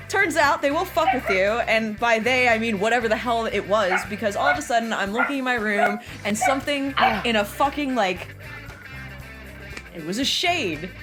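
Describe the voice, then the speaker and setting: High-voiced woman telling a story, laughing. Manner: animated, laughing, swearing, acting out quotes. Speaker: podcast host. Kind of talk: casual storytelling chat.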